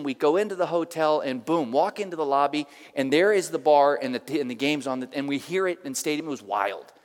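A middle-aged male pastor from the San Francisco area, preaching a sermon with lively personal stories in a church. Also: a little high. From San Francisco area, USA. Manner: animated, emphatic storyteller. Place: church sanctuary. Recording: reverberant church hall.

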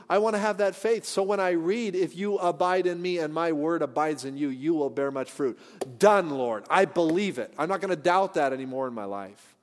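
High-voiced pastor preaching in a reverberant church. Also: male voice. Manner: earnest, questioning, shifts from loud to hushed. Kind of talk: sermon. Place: church sanctuary.

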